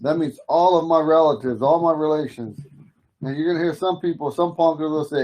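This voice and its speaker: A middle-aged man teaching an online language class, explaining slowly and repeating phrases for his students. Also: on the high side, darkish tone, rough recording. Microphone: video call.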